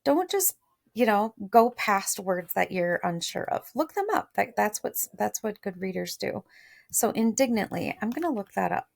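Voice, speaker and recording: A woman's voice: medium pitch, lively intonation, normal speed, creaky. A woman teacher reading a storybook aloud, chatty, stopping to explain words and share thoughts. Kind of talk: read-aloud lesson with commentary.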